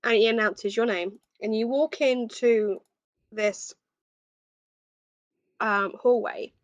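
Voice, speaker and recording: A woman's voice: a little high, steady tone, no room sound, lo-fi sound. Woman narrating as game master. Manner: descriptive, frequent "um" pauses.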